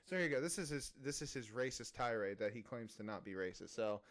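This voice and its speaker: Young man, podcast co-host, casual banter, laughs a lot, mocking asides, mid-pitched voice. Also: expressive, fast talker, a bit bright. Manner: laughs often, reads tweets aloud with mocking asides.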